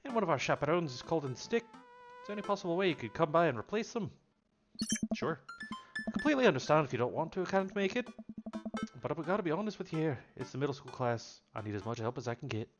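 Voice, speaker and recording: A man's voice: a little high, sing-song, quick pace, music in the background, pitched above the performer's own voice. Casting: man reading an earnest teacher dad, pleading pace, slightly muffled game audio behind. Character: friendly male middle school teacher, earnest.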